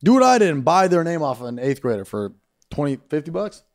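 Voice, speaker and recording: A man's voice: a little high, very animated, a little fast. A young man co-hosting a casual podcast, teasing and joking in banter. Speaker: podcast co-host. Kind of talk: casual chat.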